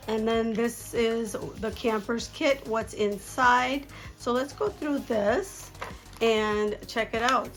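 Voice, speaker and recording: Hoarse woman chatting through a cold. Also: on the high side. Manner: chatty, upbeat, with light laughs. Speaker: jewelry-making vlogger. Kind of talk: casual unboxing chat.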